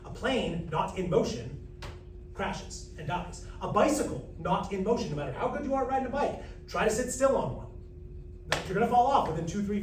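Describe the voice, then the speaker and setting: A man teaching a live singing masterclass to a group, lively and demonstrative, breaking into loud calls. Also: high-pitched, noisy background. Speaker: vocal coach. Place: rehearsal room with a group. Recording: roomy, distant mic with music.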